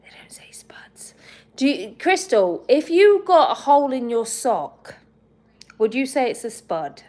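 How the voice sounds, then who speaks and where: Slow-talking chatty woman live-streaming. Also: sits high, big pitch swings, darkish tone, slight background noise. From England. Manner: chatty and giggly, talking to viewers and her bird. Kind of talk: casual live-stream chat.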